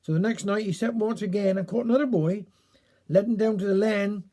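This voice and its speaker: A man with a Cornish accent reading a dialect story aloud in an unhurried, homely way. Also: high voice, dark tone.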